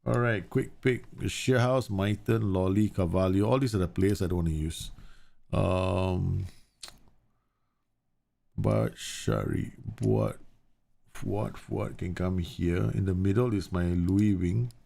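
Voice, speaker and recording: A man in his thirties hosts a live game stream in a low, gravelly voice. He talks in a loose, rambling, animated way, jumping between the game and stories from home. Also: slow. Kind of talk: casual live-stream chat.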